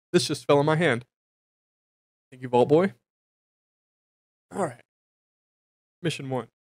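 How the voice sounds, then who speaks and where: A man's voice: a little high, lively intonation, drawn-out words, pauses often, slightly rough. A man giving a casual, jokey recap of a tabletop game campaign, rambling with lots of fillers and self-corrections.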